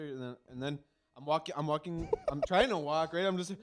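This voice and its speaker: A man's voice: fairly high pitch, fairly even intonation, fast. A man co-hosting a casual podcast, telling a long rambling story with lots of swearing and restarts. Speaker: podcast co-host.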